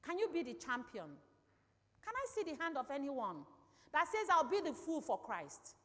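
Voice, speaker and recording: A woman with a high voice delivers a sermon, repeating her key lines for emphasis. She keeps turning to the congregation with questions. The sound carries a long reverb from a large hall. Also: very animated, moderate pace, fairly bright tone. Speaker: preacher.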